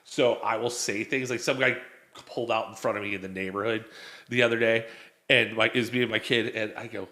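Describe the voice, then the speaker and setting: A man in his forties with a bright, forceful voice tells rambling family stories in casual chat. He acts out every quote, and the room around him rings with echo. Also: lowish voice, steady tone, brisk. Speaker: guest.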